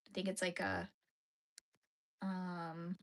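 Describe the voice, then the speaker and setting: A young woman hosting a casual crochet livestream from her home, chatting with viewers and sometimes dropping into soft murmurs and whispers. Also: fairly low pitch, level tone, slow. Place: home crafting room.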